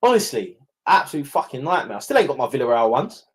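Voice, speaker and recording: A man's voice: medium pitch, sing-song, fast talker. Chatty laughing podcast host, a man. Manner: chatty, swears, laughs a lot. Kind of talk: casual chat.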